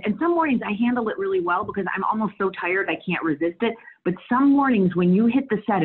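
Husky-voiced actress on a tinny line. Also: female voice, on the low side. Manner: animated, candid, laughs often. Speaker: guest actress. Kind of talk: casual interview storytelling.

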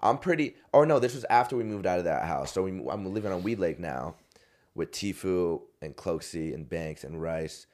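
A man's voice: deep voice, expressive, moderate pace, darkish tone. A man from Arizona casually telling a long, slangy story in a podcast chat, often laughing as he talks.

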